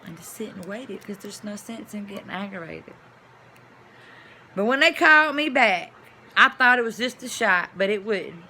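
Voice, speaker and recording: A woman vlogger telling a personal story to camera, chatty and animated, dropping to hushed asides and rising to loud exclamations. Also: mid-range voice, normal speed, slight background noise. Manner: chatty, addresses viewers as y'all.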